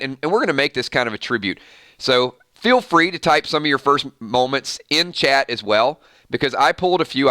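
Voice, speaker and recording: Man, live-stream host, bright crisp voice, dry close mic, morning voice, chatty with fillers. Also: mid-range voice, no room sound. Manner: rambling, reads viewer comments, frequent fillers and restarts. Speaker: YouTube channel host. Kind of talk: casual live-stream chat.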